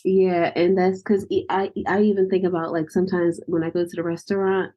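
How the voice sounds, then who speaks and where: A woman's voice: on the low side, little pitch movement, fairly quick, mellow. A woman hosting a podcast, affirming and chatty with her guest. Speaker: podcast host. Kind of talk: podcast interview. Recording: dull lo-fi audio.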